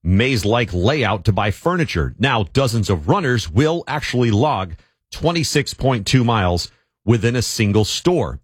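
A man hosting a morning news program, reading stories in a steady, brisk delivery. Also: on the low side, slightly rough, no room sound, studio quality. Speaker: news host.

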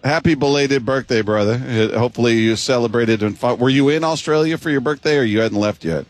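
A man's voice: medium pitch, fairly quick, dry recording. A male radio show host introducing and hyping up his guest in upbeat chat.

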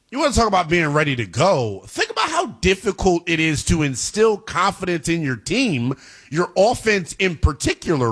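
A man's voice: fairly high pitch, fairly bright tone. A man hosting a sports radio show, giving emphatic, fired-up commentary and talking straight to his listeners.

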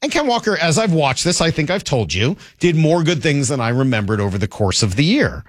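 A man hosting a casual sports talk show, rambling and laughing as he goes through football highlights. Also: a little fast, no echo, studio quality. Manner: lively, rambling, laughs often. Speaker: sports radio host.

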